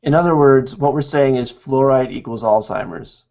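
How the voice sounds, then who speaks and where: A man's voice: medium pitch, moderate pace, vocal fry, dark tone. Man, mid voice, dry joking asides, casual group call, muffled audio.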